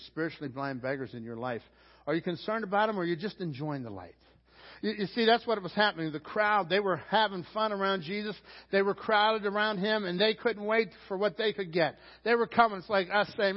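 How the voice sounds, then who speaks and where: A man preaching from the pulpit of a church, pressing his points with repetition and mounting emphasis. His voice sits high for a man. The recording is dull and muffled, with a long reverb trailing through the sanctuary. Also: animated, fairly quick. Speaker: pastor. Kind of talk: sermon.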